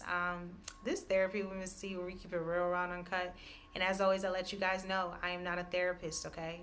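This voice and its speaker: Woman, low-set but bright and pushing voice, intuitive reader, repetitive hedging delivery with frequent laughs. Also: a little hiss or hum. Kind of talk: spiritual message reading.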